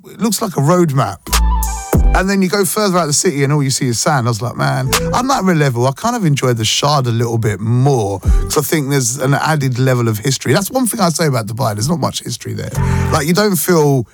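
A British man telling animated, slangy stories in casual chat, jumping from topic to topic. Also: mid-range voice, brisk. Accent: British English. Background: music playing in the background.

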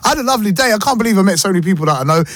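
A man hosting a radio show, chatting casually and telling stories with animated voices. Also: high-pitched, racing, no room sound, clean studio sound. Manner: animated, playful storytelling with voices. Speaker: radio host.

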